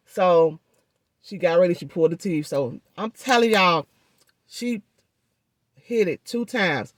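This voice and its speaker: A woman vlogger telling a story in a chatty, animated way, speaking through a swollen jaw and addressing viewers directly. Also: lowish voice, unhurried, long pauses, no room sound, clean studio sound. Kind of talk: casual storytelling vlog.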